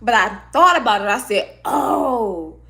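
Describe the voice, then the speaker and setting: This vlogger speaks at medium pitch, expressive and a bit bright, at a moderate pace. In a casual, candid conversation with her viewers, she talks about herself with heartfelt emotion, cursing freely and not mincing words.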